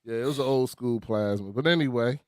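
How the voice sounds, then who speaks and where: A man's voice: mid-range voice, fairly quick, dry recording, clean studio sound. A man, telling funny stories in a casual chat and laughing often. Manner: animated, laughing storyteller with slang. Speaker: podcast co-host.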